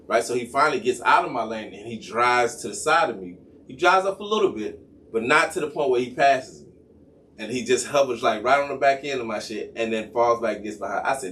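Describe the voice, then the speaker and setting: Animated storytelling man, far from mic. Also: mid-range voice, quick pace, a little hiss or hum. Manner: animated, profane, acts out both sides of a story. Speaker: podcast co-host. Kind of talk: casual storytelling chat.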